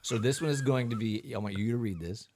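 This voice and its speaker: A man's voice: medium pitch, quick pace, very noisy. A man hosting a comedy podcast in casual chat, laughing often and directing the others. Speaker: podcast host.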